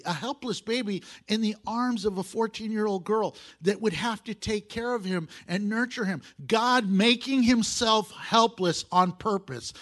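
A male pastor preaching a sermon to his congregation, animated and often laughing as he talks. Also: sits high.

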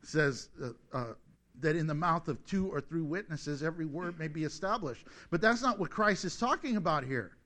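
A man's voice: fairly high pitch, moderate pace. A middle-aged man preaching a sermon, joking and acting out little voices as he goes. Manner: animated, joking, acts out voices.

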